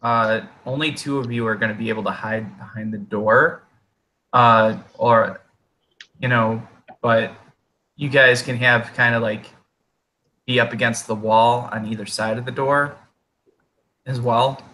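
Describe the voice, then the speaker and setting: A man runs a tabletop game, describing the scene at a relaxed, deliberate pace. His voice is bright and forward, and he talks players through the action patiently, leaning on fillers. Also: mid-range voice. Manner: unhurried, filler-heavy, explaining patiently. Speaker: game master.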